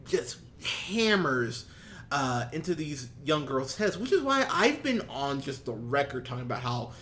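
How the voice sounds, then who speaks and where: A man co-hosting a movie review podcast in casual chat, animated, swinging between loud and soft and laughing often. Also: mid-range voice, a little slow, slight background noise. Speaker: podcast co-host.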